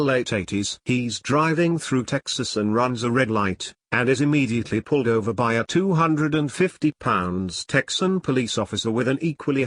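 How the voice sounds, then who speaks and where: A man's voice: mid-range voice, dry recording. Dry, matter-of-fact male story reader. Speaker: narrator. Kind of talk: reading online stories aloud.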